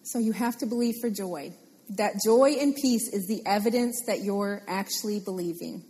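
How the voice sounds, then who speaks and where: A woman preaching a sermon, animated and playful, repeating phrases for emphasis. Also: mid-range voice, normal speed, slightly rough, big-room sound.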